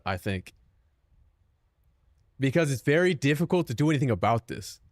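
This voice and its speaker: A man's voice: medium pitch, no room sound. Self-mocking young male streamer, dry sound. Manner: self-mocking, profane, joking. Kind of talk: casual chat with viewers.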